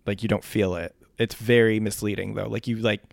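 A man's voice: fairly low pitch, level tone, brisk, vocal fry, no room sound, studio quality. A man co-hosting a podcast, gossiping in a laid-back way and trailing off with fillers. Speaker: podcast co-host. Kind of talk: casual chat.

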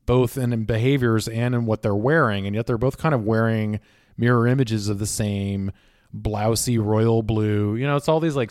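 A man's voice: fairly low pitch, darkish tone, dry recording, studio quality. A man co-hosting a podcast, talking in a chatty, analytical way with lots of "like" and "um". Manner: chatty, analytical, many fillers like "like" and "um". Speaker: podcast co-host. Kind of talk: casual podcast chat.

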